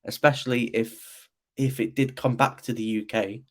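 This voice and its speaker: Relaxed British man chatting. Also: mid-range voice, moderate pace. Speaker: guest. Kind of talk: casual podcast chat.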